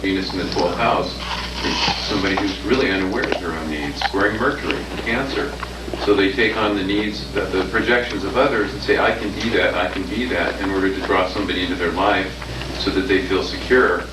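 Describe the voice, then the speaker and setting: Male student, very deep voice, distant and echoey, thinks aloud at length. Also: steady tone, fairly quick. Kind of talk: class discussion. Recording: distant roomy mic, hiss.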